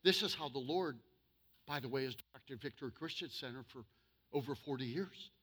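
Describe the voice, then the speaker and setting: A male pastor preaching to his church, humorous, with sudden loud bursts and slow, emphatic stretches. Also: medium pitch, husky. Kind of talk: sermon.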